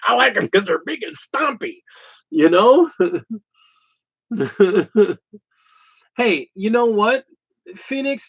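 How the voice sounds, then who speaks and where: Male host, expressive and chatty, ranting casually over a muffled, lo-fi recording. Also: high-pitched. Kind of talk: casual chat. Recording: dull lo-fi sound.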